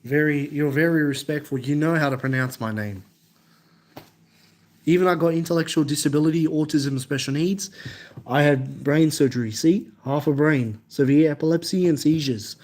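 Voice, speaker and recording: This young Australian, speaking with his native accent, chats loosely with his live-stream audience, replying to comments haltingly and repetitively. His pitch is fairly high and his voice a little mellow.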